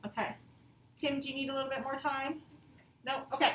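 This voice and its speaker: High-voiced woman as a classroom teacher: encouraging, hams up example sentences. Echoey classroom recording, mic at a distance. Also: flat delivery, quick pace, long pauses, a bit bright, slight background noise. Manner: encouraging, thanks each pupil; reads example sentences with exaggerated expression. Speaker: elementary school teacher. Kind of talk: classroom grammar lesson. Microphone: distant mic in the room.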